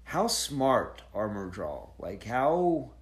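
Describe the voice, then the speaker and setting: A woman with an unusually deep voice that swings widely as she talks. She joins a casual book-club podcast with eager questions and acts out the characters' lines. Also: big pitch swings, very slow. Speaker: podcast co-host.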